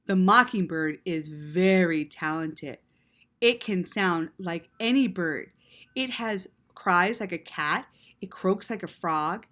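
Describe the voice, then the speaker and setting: Bright, lively woman reading to kids. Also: medium pitch, takes it slowly. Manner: animated, with gasps and quiet asides. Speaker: storyteller reading to children. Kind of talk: children's read-aloud.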